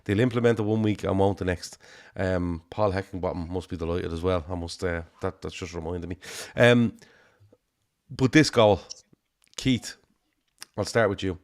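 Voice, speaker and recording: A man's voice: sits low, moderate pace. A man hosting a football podcast, talking with many hesitant ums. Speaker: podcast host. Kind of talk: football chat.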